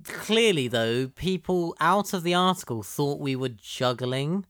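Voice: medium pitch, animated, a little slow, a bit bright, dry recording, clean studio sound. A speaker, co-hosting a casual chat and telling a story in a chatty way, full of fillers.

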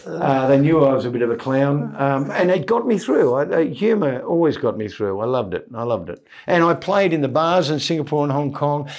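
A man, a comedian guest telling self-deprecating anecdotes in a relaxed, rambling interview. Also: a little high, fairly quick. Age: 70s. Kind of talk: casual interview storytelling.

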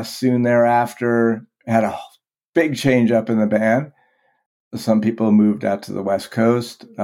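A man's voice: fairly low pitch, darkish tone. A man from Vermont, a band's singer, talking as a guest in a casual podcast interview, swearing freely and often repeating words as he restarts his sentences. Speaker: guest, band vocalist.

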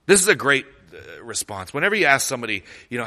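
Bright-voiced man preaching a sermon. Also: medium pitch, quick pace, hardly any pauses. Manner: animated storytelling, conversational with restarts. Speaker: pastor.

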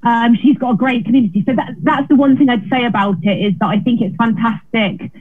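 Brief: a fairly high-voiced woman comedian, casual and rambling, thin remote-call sound. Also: brisk, slightly rough. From Britain. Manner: chatty, self-deprecating, many restarts. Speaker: comedian guest. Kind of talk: casual interview chat. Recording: tinny phone-like remote line.

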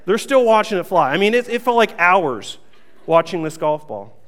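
A young man preaching a sermon, telling a funny self-mocking story in a lively way before reading scripture. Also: high-pitched, moderate pace, big-room sound. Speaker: pastor.

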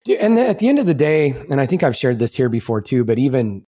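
A man's voice: medium pitch, sing-song, fast, mellow. A man co-hosting a podcast, talking in a loose, rambling way with casual swearing. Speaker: podcast co-host.

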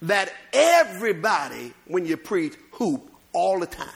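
A man preaching a sermon as pastor, swinging between loud bursts and low asides. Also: sing-song, measured pace, creaky.

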